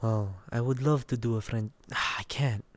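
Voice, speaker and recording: A young man from Dallas, Texas hosts a casual voice chat, reading and replying to listener messages. His voice is medium-pitched at a normal speed, with no echo.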